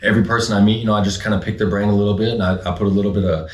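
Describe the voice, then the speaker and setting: A man's voice: fairly low pitch, fairly even intonation, racing. A man in his thirties, a guest in an interview, talking in a blunt, confident, streetwise way. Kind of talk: casual interview talk. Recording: echoey room.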